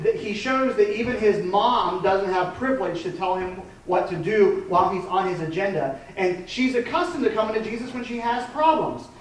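A man's voice: high-pitched, slight background noise. Echoey preacher man in his thirties. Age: 30s. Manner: conversational, with frequent restarts and fillers. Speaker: pastor. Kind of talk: sermon. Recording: echoey room from a distant mic.

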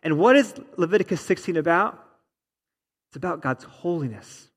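A man's voice: fairly high pitch, expressive, normal speed, big-room sound. A man preaching a sermon in an emphatic, teacherly way, repeating words for stress. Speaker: pastor.

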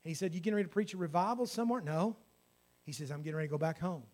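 A man's voice: fairly high pitch, expressive, very fast, a little mellow. A man, a pastor telling a story in his sermon and then praying with fervour. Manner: storytelling that builds to fervent praying.

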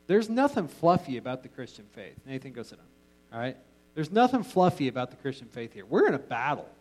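A man's voice: mid-range voice, big pitch swings, brisk, low-quality recording. Joking, casual male Bible teacher. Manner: casual and joking, with frequent restarts. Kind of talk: informal Bible class teaching.

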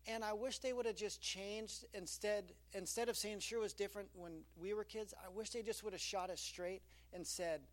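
A man's voice: sits high, moderate pace, hardly any pauses. A middle-aged man preaching a sermon as pastor, telling stories with quoted asides. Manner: animated storytelling with quoted asides.

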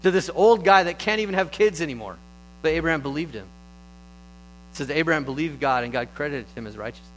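A man giving a sermon, retelling stories in a relaxed, conversational way with animated stretches. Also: a little high, fast, a little hiss or hum, rough recording. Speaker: preacher.

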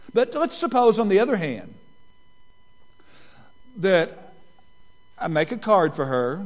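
High-voiced older preacher, earnest sermon. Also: male voice. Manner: earnest, repeats key points, shifts between slow emphasis and quick asides. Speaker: pastor. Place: church sanctuary.

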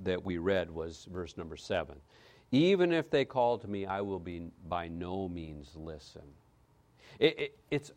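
A man preaching a sermon, reading scripture with dramatic swings between loud declaration and hushed quiet. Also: fairly low pitch. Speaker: pastor.

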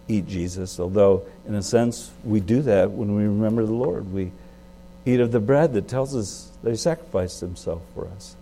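A man preaching a conversational sermon asks his congregation questions and stresses points with sudden rises in pitch and volume. A little hiss or hum is audible in the recording.

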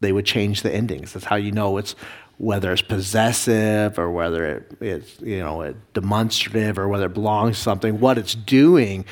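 A man, a pastor, teaching a Bible class, explaining Hebrew words slowly with many fillers and restarts. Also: on the low side. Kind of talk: classroom lesson reading Hebrew.

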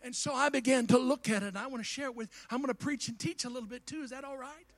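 A man with a very high voice preaches a sermon fast and folksy, addressing his congregation directly and swinging between quiet asides and shouted climaxes.

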